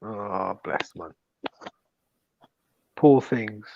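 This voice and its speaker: A man co-hosting a casual chat, reacting quickly and laughing often. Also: fairly low pitch, vocal fry, darkish tone, no room sound. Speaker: co-host. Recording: dull, muffled sound.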